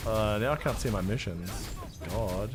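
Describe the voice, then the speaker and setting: A man's voice: on the low side, measured pace, music in the background. An Australian man streaming a game, chatting casually with his viewers in a jokey, self-mocking way and swearing freely. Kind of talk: live gameplay commentary, reading chat.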